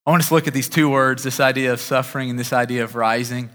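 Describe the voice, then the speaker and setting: A man's voice: medium pitch, steady tone, fast talker, fairly bright tone. A male pastor preaching a sermon in a conversational way, often restarting his sentences. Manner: conversational, with frequent repeated starts. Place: church sanctuary. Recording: long reverb of a large hall.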